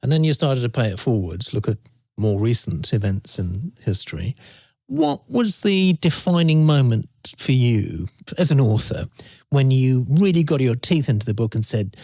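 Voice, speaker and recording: A man's voice: mid-range voice, sing-song, normal speed, warm tone, no echo. A man hosting a radio talk show, asking a guest long, summarising questions.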